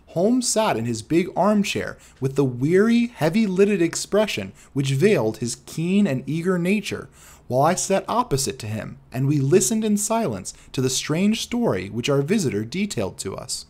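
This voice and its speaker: A man narrating a classic detective story as an audiobook in a measured storytelling manner. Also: fairly high pitch, big pitch swings, darkish tone.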